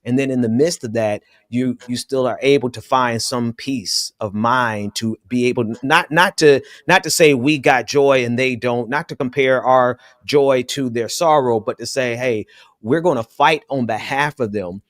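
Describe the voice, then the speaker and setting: A man hosting a casual talk show, articulate and measured, speaking with conviction. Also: mid-range voice, fairly bright tone, no echo, clean studio sound. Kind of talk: casual chat.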